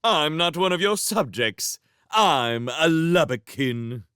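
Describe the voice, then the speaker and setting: A man's voice: on the high side, animated, slow pace, sharp tone, smooth, no echo, studio quality, voice pushed up, exaggerated voice. A man voicing an arrogant, scheming young prince who talks in a theatrical, menacing way.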